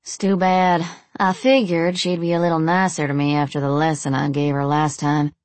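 A woman's voice: sits low, level tone, normal speed, darkish tone, close to an everyday voice. Danny, a woman voicing a drunk crude cowboy. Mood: leering. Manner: slightly slurred, boorish drawl.

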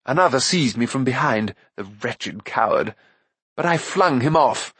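A man voicing a boastful, excitable male bard who tells a swaggering battle tale in an audiobook. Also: mid-range voice, unhurried, breathy edge, no echo. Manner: swaggering, dramatic storytelling.

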